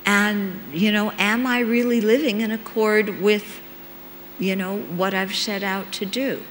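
A woman leads a conversational dharma talk, speaking slowly and pausing to check in with her listeners. Her voice carries a long reverb, as if recorded in a hall. A faint hum sits underneath. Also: mid-range voice, fairly even intonation, fairly bright tone. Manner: unhurried, checks in with listeners with "okay?". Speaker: meditation teacher.

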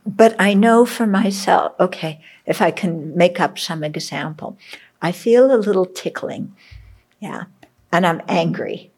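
A woman's voice: on the low side, a little slow, darkish tone, breathy edge. A Buddhist woman teacher giving a reflective dharma talk, checking in often with her listeners. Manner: reflective, checks in with "okay?", acts out inner voices.

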